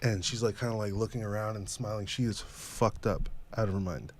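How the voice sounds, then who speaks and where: A young man, a podcast guest, telling a story casually with lots of swearing and animated, raised voices for the people he quotes. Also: fairly low pitch, brisk, slight background noise.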